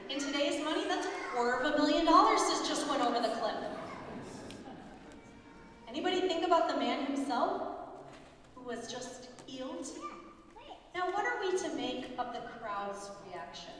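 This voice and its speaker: High-voiced woman pastor preaching in an echoey hall. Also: normal speed, crowd noise. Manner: storytelling, lively quoted voices. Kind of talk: sermon. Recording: echoey hall, distant mic, faint background noise.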